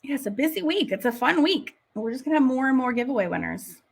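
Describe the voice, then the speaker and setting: A woman's voice: sits high, sing-song, fast talker, creaky, breathy edge. A middle-aged woman hosting an online art class live stream, chatting casually and enthusiastically with viewers and laughing often. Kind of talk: casual live-stream chat reading comments.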